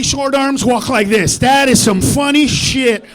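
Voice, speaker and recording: A man doing a live stand-up routine in a comedy club, profane and confrontational, needling the audience and swinging from low muttering to shouting. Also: unhurried, few pauses.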